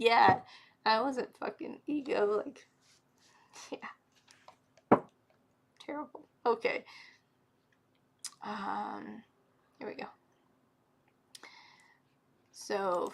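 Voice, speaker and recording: A woman in her thirties lays out tarot cards on a live stream, speaking slowly in a gravelly, fry-tinged voice. She chats to the cards and to spirits and gets emotional as she goes. Clear background noise and card shuffling run under her voice. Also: a little high. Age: 30s. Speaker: tarot reader.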